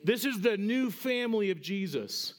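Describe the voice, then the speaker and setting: A middle-aged man preaching a sermon as pastor, conversational and animated, building to emphatic peaks. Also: high voice, moderate pace.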